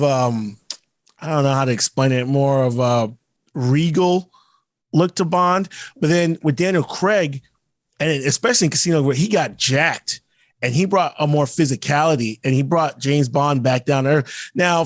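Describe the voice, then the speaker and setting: A podcast co-host speaks in a fairly high male voice, recorded cleanly in a studio with no room sound. His casual chat is rambling and emphatic, with some swearing.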